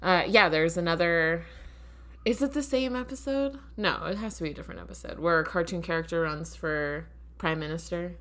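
A woman's voice: lowish voice, normal speed, fairly bright tone. A woman co-hosting a podcast from her apartment, rambling in casual chat with many fillers. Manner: rambling, full of "like" and "um". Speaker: podcast co-host.

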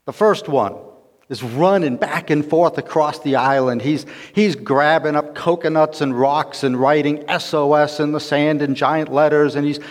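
A man preaching a sermon, telling a story in a relaxed conversational way with fillers. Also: on the high side, moderate pace. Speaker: pastor. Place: church sanctuary. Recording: long church reverb.

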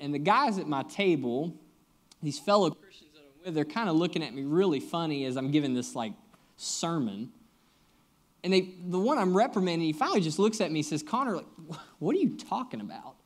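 A young man preaching a sermon, his voice sitting a little higher than most men's. He talks to the congregation like friends, joking and telling stories as he teaches. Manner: storytelling, joking, conversational preaching. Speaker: guest pastor.

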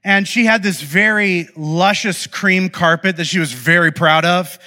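High-voiced, bright man preaching with humor. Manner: animated, self-deprecating, fast asides to the audience. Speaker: pastor. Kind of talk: humorous storytelling sermon. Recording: live sermon in a reverberant hall.

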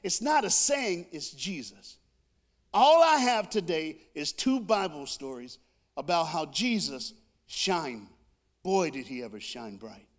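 A male preacher telling a comic story in a sermon, animated, with sound effects and call-and-response. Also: fairly high pitch, takes it slowly.

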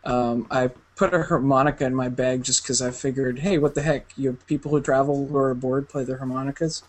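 A man's voice: medium pitch, steady tone, a little fast. A man co-hosting a photography podcast, telling an anecdote in a joking, laugh-prone way. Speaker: podcast co-host. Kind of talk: casual chat.

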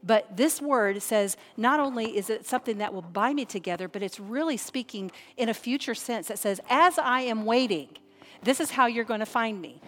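A woman's voice: a little high, lively intonation, a bit bright. Woman preaching in a reverberant hall. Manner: emphatic preaching with repeated phrases and dramatic pauses. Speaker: pastor. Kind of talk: sermon.

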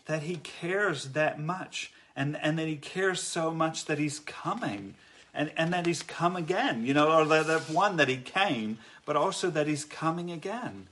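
Man, fairly high voice, earnest and reflective faith talk, halting with frequent restarts. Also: lively intonation, fairly bright tone, slight background noise. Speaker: Christian speaker.

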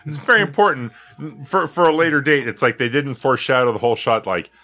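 A man in casual podcast chat, animated and laughing, swearing for emphasis. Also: mid-range voice, fast talker.

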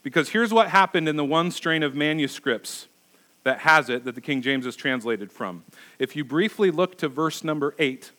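A man's voice: a little high, animated, normal speed, pushed and bright. A man preaching as a pastor, conversational and emphatic, asking his listeners rhetorical questions. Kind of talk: sermon.

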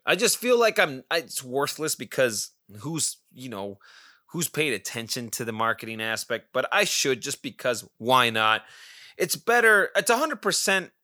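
A man hosting his own podcast, telling a long rambling story in a casual, profane, excitable way. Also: medium pitch, dry recording, clean studio sound. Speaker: podcast host. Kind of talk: casual solo monologue.

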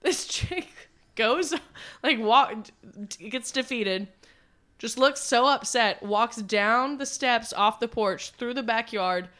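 A woman's voice: fairly high pitch, takes it slowly. A young woman, co-hosting a podcast and telling rambling, profane party stories in casual chat. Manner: rambling, profane, animated storyteller. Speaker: podcast co-host.

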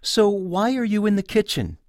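A man's voice: high voice, very animated, moderate pace, a little mellow, no room sound, clean studio sound, voice pushed up. Exasperated middle-aged wife, voice pushed way up, insistent, as a guy plays her in a story.

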